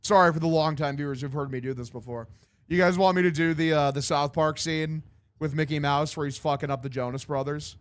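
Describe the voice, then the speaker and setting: A man's voice: fairly high pitch, steady tone, fairly quick, clean tone. A young man hosting a livestream, giving loose, joking play-by-play of a baseball game and swearing freely. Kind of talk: casual live-stream commentary.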